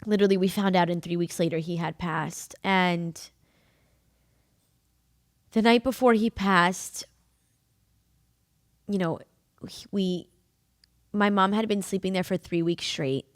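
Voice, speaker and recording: A woman's voice: lowish voice, fairly even intonation, unhurried, long pauses, no echo, studio quality. A young woman hosting her podcast, telling a personal story in a candid, emotional way, full of casual fillers. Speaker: podcast host.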